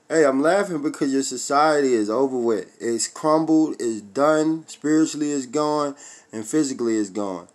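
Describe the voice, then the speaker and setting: A man preaching a fiery religious rant, profane and confrontational, swinging between loud outbursts and low muttering while he reads scripture. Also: normal speed.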